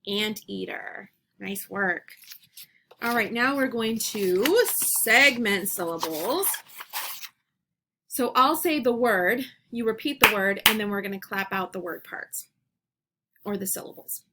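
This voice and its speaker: A woman teacher leading young children through a phonics lesson, speaking clearly and encouragingly and repeating each word, recorded on a computer at home. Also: medium pitch, noisy background. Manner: slow, clear, encouraging classroom delivery with repeated words.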